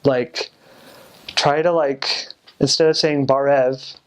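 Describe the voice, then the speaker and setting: A man's voice: medium pitch, moderate pace. A young American man who served as a missionary, casually explaining things with many fillers and restarts. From United States. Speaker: returned missionary.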